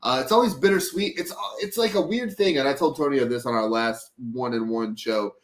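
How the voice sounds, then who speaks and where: A man's voice: medium pitch, fairly quick. Loose, swearing man hosting sports talk. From Dallas, Texas. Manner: loose, profane, rambling. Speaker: podcast host. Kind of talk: casual sports chat.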